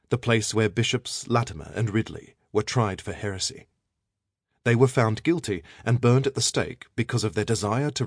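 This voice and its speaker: Man, audiobook narrator, low voice, slightly husky, dry close recording. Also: dry recording.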